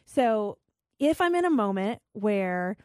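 A woman's voice: mid-range voice, big pitch swings, takes it slowly, a little mellow, no room sound, studio quality. A woman in her forties who works as a radio host, answering an interview question in a candid, rambling, self-deprecating way.

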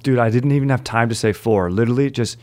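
A man's voice: medium pitch, quick pace, a little mellow. A young adult man hosting a casual chat, telling stories in laid-back bro slang. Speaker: podcast host.

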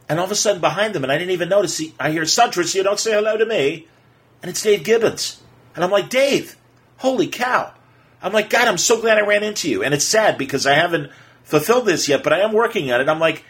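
Man, podcast host, casual narration, animated storytelling, mid pitch. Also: breathy edge. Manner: animated storyteller, acts out quotes excitedly.

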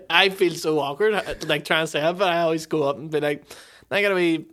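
A man's voice: a little high, fairly quick, fairly bright tone. A man, joining a casual podcast chat, who talks in a hesitant, stumbling, self-conscious way. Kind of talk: casual banter.

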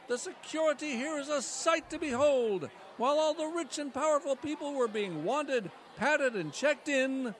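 A man's voice: very high-pitched, fairly bright tone, a little hiss or hum, voice pushed up. A man voicing a pompous male cat news anchor in a mock-formal broadcast delivery.

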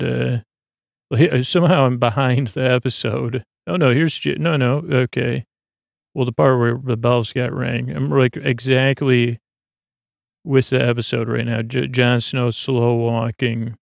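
A man giving a rambling recap of a show episode, halting often with fillers and restarts. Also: medium pitch, vocal fry, dry recording, clean studio sound.

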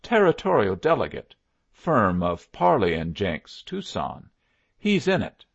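A man reading as a frontier lawman, a plainspoken man with a gravelly, husky voice. His pitch rises and falls freely. The recording is dull and lo-fi. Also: wildly swooping pitch, a little slow, heavily acted. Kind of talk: audiobook character voice.

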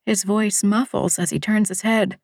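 Woman audiobook narrator, first person, soft lyrical delivery, mid-range voice. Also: medium pitch, steady tone, dry recording, studio quality. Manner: measured, hushed, lyrical.

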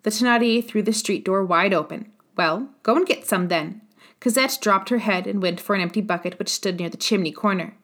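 Lady reading an old novel aloud, steady and measured, normal pitch. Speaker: audiobook narrator. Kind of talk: scripted narration of a classic novel.

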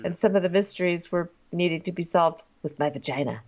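A woman's voice: on the low side, brisk, darkish tone, muffled recording. A woman co-hosting a casual chat, sarcastic and crude as she recaps a reality show. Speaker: podcast co-host.

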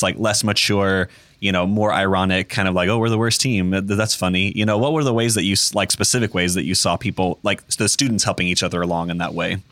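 A man's voice: fairly low pitch, a bit bright, dry recording. A male interviewer asking a long, rambling question full of "like".

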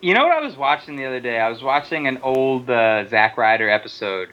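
A man co-hosting a podcast in casual, joking chat, quick to laugh. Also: medium pitch, lively intonation. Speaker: podcast co-host. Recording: dull lo-fi audio.

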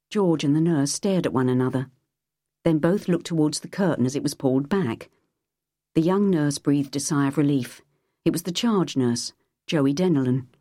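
An audiobook is narrated by a low-pitched woman in an even, measured storytelling manner. The clean studio sound has no echo.

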